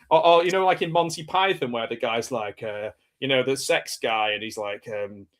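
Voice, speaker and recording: A man's voice: mid-range voice, fairly even intonation, moderate pace, hardly any pauses, fairly bright tone. Chatty, rambling man hosting a stream. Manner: chatty, rambling, laughs often. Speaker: stream host. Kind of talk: casual watch-party chat.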